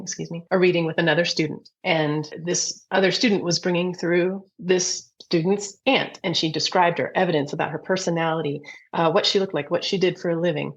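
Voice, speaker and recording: A middle-aged woman, a reiki teacher and psychic medium, telling stories in an earnest, animated interview manner. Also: fairly low pitch. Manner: animated, earnest storytelling with restarts. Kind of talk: conversational interview. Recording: muffled lo-fi audio.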